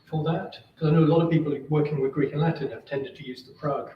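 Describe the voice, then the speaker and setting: A man chairing an academic seminar and asking questions, halting, with many fillers and repeated words, over a video call. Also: on the high side, steady tone. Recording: distant, roomy, dull and lo-fi, faint noise.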